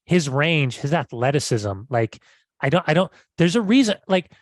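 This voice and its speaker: A man's voice: a little high, animated, normal speed, no room sound, studio quality. A man co-hosting a podcast, talking casually and animatedly, often repeating words as he starts a thought. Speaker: podcast co-host.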